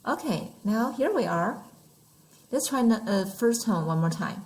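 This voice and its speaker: A woman's voice: a little high, animated, measured pace, darkish tone, low-quality recording. A woman teaching numbers and tones in an online lesson, patient and demonstrating each sound aloud. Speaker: Mandarin teacher.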